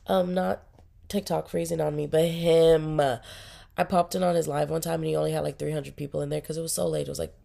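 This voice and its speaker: A woman's voice: low voice, steady tone, a little fast, vocal fry, warm tone. A young woman hosting her own casual video podcast while sick, rambling and giggly, with lots of "like". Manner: giggly, rambling storytelling full of "like". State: sick with a cough. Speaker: podcast host.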